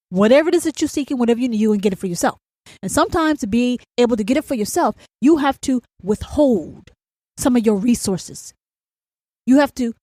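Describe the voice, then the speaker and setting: A woman hosting her own podcast, ranting bluntly and provocatively with lots of profanity, often slowing down to stretch out words for emphasis. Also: fairly high pitch, darkish tone, dry recording, studio quality. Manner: slows to drawn-out emphatic words. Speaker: podcast host. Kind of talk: profane solo rant.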